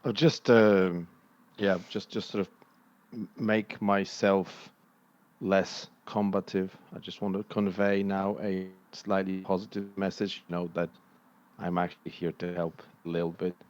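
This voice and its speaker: Deep-voiced halting tabletop player. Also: male voice, little pitch movement. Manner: thoughtful, halting.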